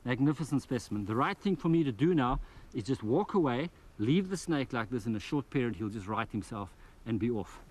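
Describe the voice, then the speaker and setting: Outdoors in the wild, a man with a medium-pitched voice talks fairly quickly as he hosts a wildlife documentary. His on-location commentary is excitable, full of exclamations and remarks aimed at the animal before him.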